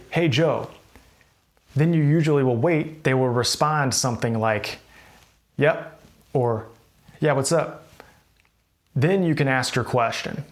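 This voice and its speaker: A man with an American accent teaching workplace English, explaining casually and acting out example phrases. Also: medium pitch. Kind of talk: instructional explanation to camera.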